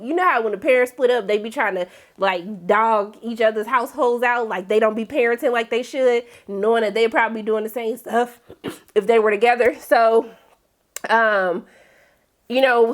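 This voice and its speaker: A young woman giving a casual TV episode recap, animated and acting out characters with exaggerated reactions. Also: a little high, moderate pace. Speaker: TV recap host.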